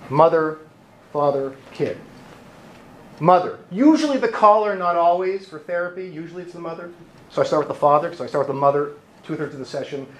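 Male therapist presenting, lively and funny, high animated voice, echoey hall, faint noise. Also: fairly quick. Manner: lively and joking, acts out voices. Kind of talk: humorous conference talk. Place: conference hall.

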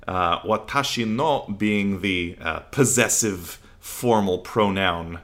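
A man's voice: fairly low pitch, a little slow, hardly any pauses, a bit bright. A man co-hosting a casual podcast, rambling with lots of fillers as he explains basic Japanese. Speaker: podcast co-host.

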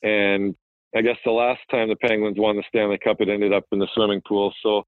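A man in his thirties talks in a relaxed, rambling way, full of "uh" and "you know." His voice sits low and level, with little rise or fall. It comes through a thin, tinny phone line with a dry sound. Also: brisk, no room sound. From Manitoba, Canada. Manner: relaxed, rambling, frequent fillers and restarts. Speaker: guest, professional hockey player. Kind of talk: casual phone interview.

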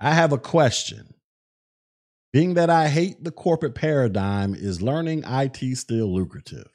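A middle-aged man hosting a livestream podcast speaks unhurriedly at medium pitch with lively intonation. Reading chat messages aloud, he grows irritated and profane toward a viewer, building up to shouting.

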